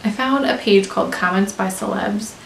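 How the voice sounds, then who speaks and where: A woman's voice: mid-range voice, normal speed, creaky. A young American woman chatting in a gushing, talkative way, full of "like", as a beauty vlogger. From United States. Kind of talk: casual chat. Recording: roomy with faint hiss.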